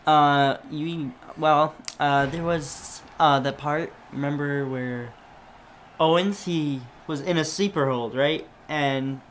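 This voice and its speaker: A man's voice: a little high, takes it slowly, fairly bright tone, a little hiss or hum. A man co-hosting a casual wrestling review show, talking hesitantly with many restarts. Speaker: co-host.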